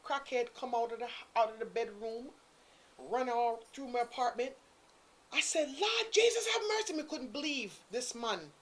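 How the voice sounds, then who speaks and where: A guest storyteller with a fairly high voice tells her story at a moderate pace during a casual chat. She's animated, uses Caribbean-inflected English, and acts out the voices of the people she describes.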